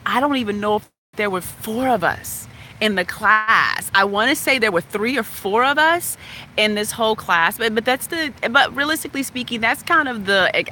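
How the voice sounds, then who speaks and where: A woman from West Virginia frankly telling a personal story in a chatty, animated way. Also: mid-range voice, slight background noise. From West Virginia, USA. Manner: frank, animated, chatty, laughs now and then.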